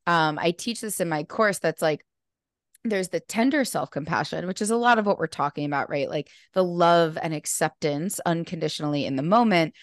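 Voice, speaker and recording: A woman's voice: lowish voice, moderate pace, dry recording, clean studio sound. A woman speaking as a podcast guest and mindfulness teacher, talking earnestly and animatedly with many casual fillers. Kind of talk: casual conversational interview.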